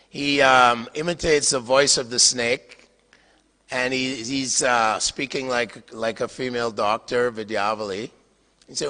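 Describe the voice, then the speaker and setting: An older man giving a storytelling scripture lecture, halting with fillers, small chuckles and throat clearing. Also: mid-range voice, bright, forceful tone. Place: temple hall. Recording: long hall reverb.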